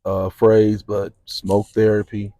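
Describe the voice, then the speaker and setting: A man hosts a casual podcast interview in a fairly low voice, with a relaxed, drawling way of talking. He sounds encouraging toward his guest. His voice is recorded close to the mic with a dry sound. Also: slow pace, creaky, no room sound. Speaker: podcast host.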